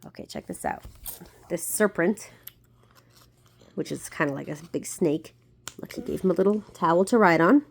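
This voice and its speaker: A woman reading a picture book aloud to a young child, animated, with gasps and asides. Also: on the low side, moderate pace, vocal fry, pauses often. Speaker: storybook reader.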